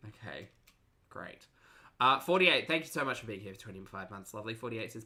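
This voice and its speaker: Sarcastic woman streamer, lively pitch. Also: fairly quick. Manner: dry, sarcastic asides, reads chat. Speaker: reaction streamer. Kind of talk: livestream reaction commentary.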